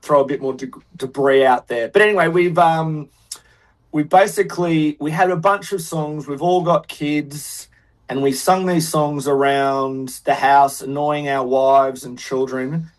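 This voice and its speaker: A man's voice: fairly high pitch, steady tone, a little slow, poor audio. A man with an Australian accent, a guest musician answering interview questions in a hesitant, rambling way with many restarts.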